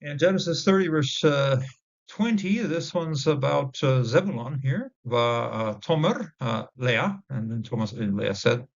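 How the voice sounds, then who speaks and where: A man giving an informal Bible word-study lesson, halting with many fillers and restarts, sounding out Hebrew words slowly. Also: mid-range voice, animated, creaky. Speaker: Bible teacher. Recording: dull lo-fi recording.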